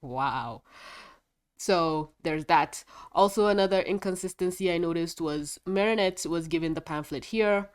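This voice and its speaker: A woman with a congested voice chatting through a casual video review, rambling and quick to laugh. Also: lowish voice, clear, resonant tone. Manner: a bit foggy and scattered. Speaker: show reviewer.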